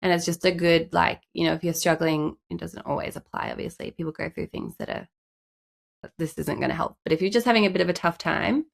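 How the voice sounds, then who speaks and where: Gravelly-voiced woman with a stuffy nose. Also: fairly low pitch, a little fast. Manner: chatty, frequent "like" fillers. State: stuffy, congested from a cold. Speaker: podcast co-host. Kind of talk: casual podcast chat.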